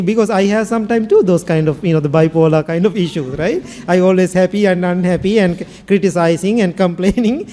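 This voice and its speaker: Sri Lankan male monk, high-pitched and warm, storytelling sermon, non-native English. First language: Sinhala. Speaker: Buddhist monk teacher. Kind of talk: dharma talk.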